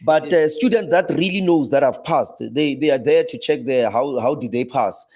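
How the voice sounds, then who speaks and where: A man with a South African accent, talking football as a guest in a casual chat. His voice leaps high when he gets animated. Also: moderate pace. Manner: animated, pitch jumps high when laughing or exclaiming, frequent restarts.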